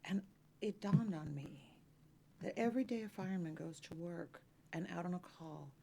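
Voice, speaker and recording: A woman from Los Angeles, a mezzo-soprano guest, telling personal stories in an animated interview. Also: on the low side, normal speed, vocal fry, slight background noise. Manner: animated, warm storytelling with lively acted quotes.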